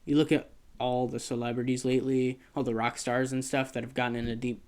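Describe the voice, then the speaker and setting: A man's voice: mid-range voice, level tone, fairly quick, a little mellow, smooth. Rambling young man chatting casually. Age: young adult. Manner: rambling, self-deprecating, many fillers and restarts. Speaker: vlogger. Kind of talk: casual chat.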